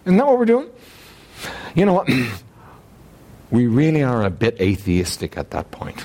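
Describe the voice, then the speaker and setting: A man preaching a sermon, emphatic and repetitive, often clearing his throat and asking rhetorical questions. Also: medium pitch, huge pitch swings, moderate pace, mellow. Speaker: pastor.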